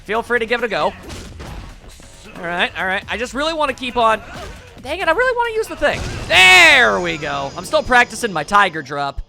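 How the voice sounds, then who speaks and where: A man's voice: extremely high pitch, sing-song, brisk, gravelly, sharp tone, soft background music. A man giving joking, wry commentary while playing a video game. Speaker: gaming channel host. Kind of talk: let's play commentary.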